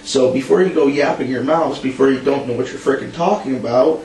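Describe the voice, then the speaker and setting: A young man co-hosts a casual wrestling recap, ranting bluntly and laughing a lot. His mid-range voice is fairly quick and a little mellow. The mic sits at a distance in an echoey room with a faint hum.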